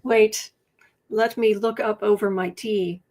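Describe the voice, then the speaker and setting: Slow-talking sardonic woman streamer. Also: medium pitch, steady tone, darkish tone. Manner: chatty, sardonic, reads chat aloud. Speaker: tarot reader and political commentator. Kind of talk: casual livestream commentary.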